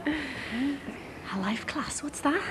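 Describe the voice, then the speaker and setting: A woman's voice: sits high, expressive, drawn-out words, fairly bright tone, a little hiss or hum, heavily acted. An actress playing a shy, hesitant young woman in a TV soap drama. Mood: unsure. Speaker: daughter.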